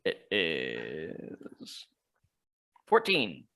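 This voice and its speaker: A man playing his character in a tabletop game, animated and exclaiming. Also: rumbling low, drawn-out words, gravelly. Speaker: player.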